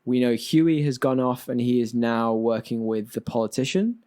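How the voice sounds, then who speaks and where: A man's voice: medium pitch, moderate pace, mellow. Enthusiastic man co-hosting a podcast. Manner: enthusiastic, steers the conversation. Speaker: podcast co-host. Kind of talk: casual chat.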